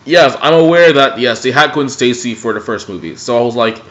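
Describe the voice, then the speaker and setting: A man casually reviewing superhero movies in an excitable way, swearing freely. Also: medium pitch, brisk, hardly any pauses. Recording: dull lo-fi recording.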